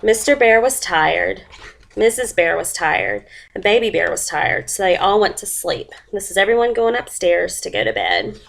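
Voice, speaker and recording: A woman, sniffly from a cold, presents a first-grade lesson plan and reads a picture book aloud slowly, with voices and sound effects. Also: medium pitch, very animated, gravelly.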